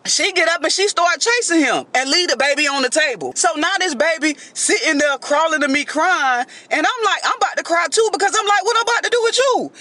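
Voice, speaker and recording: Speaking briskly with hardly any pauses, a high-voiced woman delivers a dramatic tale as a relaxed storytime monologue. She's animated throughout and keeps turning to address her audience directly.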